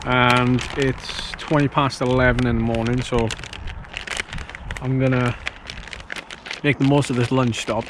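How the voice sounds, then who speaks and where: A man's voice: mid-range voice, flat delivery, a little slow, pauses often, noisy background. A man chatting casually to a handheld camera outdoors during a long bike ride, rambling with plenty of fillers. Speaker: cyclist vlogger.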